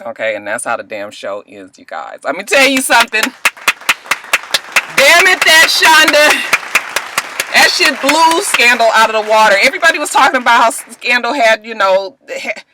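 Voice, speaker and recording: A woman vlogger giving a casual, animated and profane recap of a TV episode, acting out the characters' lines as she goes. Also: a little high, moderate pace, very noisy.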